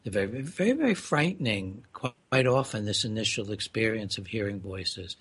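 A man with a background in mental health, explaining in a measured way with frequent pauses during a discussion. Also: fairly low pitch, expressive, a bit bright, husky. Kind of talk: conversational discussion.

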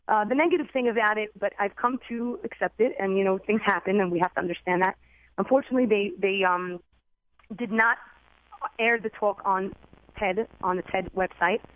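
An earnest woman tells her story to an interviewer at a quick, eager clip. Her voice comes through a narrow, tinny telephone line with no room sound around it. She talks like a former teacher, excited and open. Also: mid-range voice, dry recording. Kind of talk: personal storytelling in a phone interview. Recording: tinny phone line, dry.

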